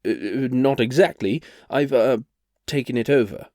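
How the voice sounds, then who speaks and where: A man's voice: mid-range voice, moderate pace, darkish tone, no room sound, clean studio sound, lightly acted. A man voicing a flustered male bard turned reluctant duke, who stammers and hesitates nervously.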